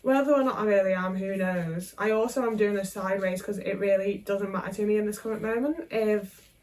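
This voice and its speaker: A woman's voice: medium pitch, steady tone, fairly quick, darkish tone, far from the mic, low-quality recording. A young woman, chatting casually and self-mockingly while she cooks at home, tagging questions onto her sentences. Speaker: vlogger. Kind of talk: casual cooking vlog chat.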